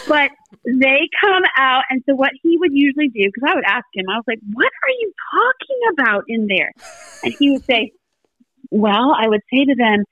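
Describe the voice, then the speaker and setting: A woman's voice: sits high, moderate pace, narrow, tinny audio. A middle-aged woman, a podcast guest, telling family stories in a casual chat and acting out the voices of the people in them. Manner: animated storyteller acting out family dialogue.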